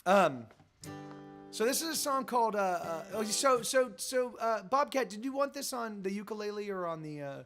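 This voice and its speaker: Guy streaming live music, high voice, rambles and thanks the chat between songs. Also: lively intonation, normal speed, a bit bright. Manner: rambling, thinks aloud, thanks viewers.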